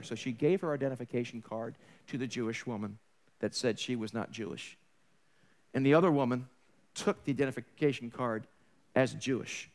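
A man preaching an Easter sermon, telling stories and acting out the voices in them, swinging from loud to soft. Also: mid-range voice, normal speed. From New York area. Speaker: pastor.

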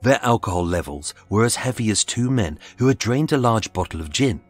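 A man narrating a true-crime story in a measured, dramatic scripted style. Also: fairly low pitch, expressive. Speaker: podcast narrator. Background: faint music.

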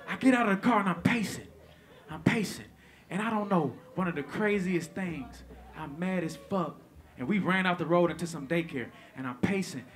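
High, bright-voiced profane comedian. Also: male voice, normal speed. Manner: animated, profane, shifts between shouting and hushed. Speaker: stand-up comedian. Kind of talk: stand-up comedy storytelling. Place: comedy stage before live audience.

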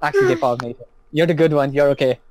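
Young guy, higher-pitched, brash profane talker, faint background noise. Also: wildly swooping pitch, very fast, a little mellow, low-quality recording. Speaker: podcast co-host. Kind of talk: casual podcast banter.

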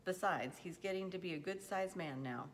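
Woman voicing a relaxed country dad; low, easy, reassuring. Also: moderate pace, a little hiss or hum, lightly acted. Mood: easygoing. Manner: relaxed, coaxing. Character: easygoing country father, reassuring.

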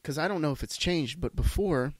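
A man's voice: a little high, a little fast, dry recording. A man hosting a solo podcast, ranting bluntly with lots of swearing and restarts. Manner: blunt, profane, rambling with restarts. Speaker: podcast host.

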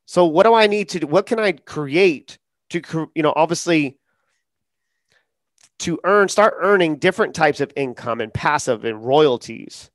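A man talking casually as a podcast guest, acting out quotes in lively storytelling. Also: a little high, normal speed, no echo, studio quality. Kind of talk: casual interview talk.

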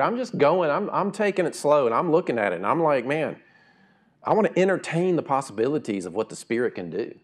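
Animated man preaching a conversational sermon. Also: on the high side, brisk. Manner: animated, emphatic, conversational preaching with sudden loud rises and quiet drops. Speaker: pastor.

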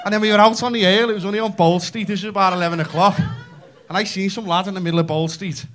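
A Scouse man in his thirties working a comedy club crowd with a stage mic. His voice sits high for a man, and he races through his stories with brash, sweary energy. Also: steady tone, fairly bright tone, a little hiss or hum. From Liverpool, England. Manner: brash, sweary, fast storytelling. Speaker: stand-up comedian. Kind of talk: stand-up comedy.

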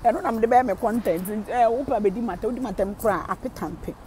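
A woman with a Ghanaian accent giving casual gossip commentary, animated, switching between Twi and English and laughing often. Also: on the high side, fast, slight background noise. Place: living in Germany.

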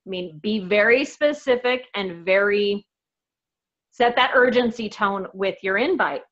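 A woman leading a casual team video call, bubbly and excitable, talking in a chatty, enthusiastic way. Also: medium pitch, muffled recording. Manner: bubbly, excitable, quick to laugh. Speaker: team leader on a coaching call. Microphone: video call microphone.

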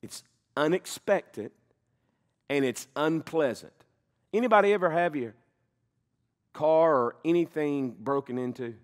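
A middle-aged man preaching a sermon, slowing down to stress key points and now and then laughing. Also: on the high side. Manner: animated preaching, slows for emphasis, occasional laughs. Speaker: pastor.

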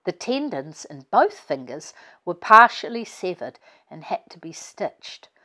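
A woman author reading her family storybook aloud in a gentle, expressive way. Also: on the low side, unhurried. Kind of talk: children's storybook read-aloud.

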